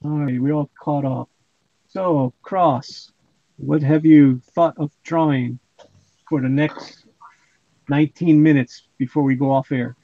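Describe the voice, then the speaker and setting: A man's voice: on the high side, steady tone, measured pace, no room sound, phone-quality sound. Joking man reading a livestream chat. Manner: jokey, laughs often. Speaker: livestream host.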